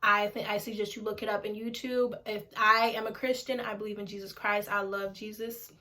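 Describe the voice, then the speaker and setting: A woman's voice: medium pitch, little pitch movement, a little fast, bright, forceful tone. A woman in her twenties, a single mother, talking candidly to camera at home, frank and informal, swearing and repeating herself for emphasis. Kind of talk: candid casual talk to camera.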